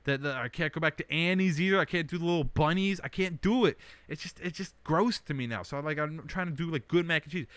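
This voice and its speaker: A young man hosting a casual livestream from home, rambling with lots of fillers and bursts of animated complaint. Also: fairly high pitch, fast talker, hardly any pauses, dry recording. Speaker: podcast host. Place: indoors at home under a blanket.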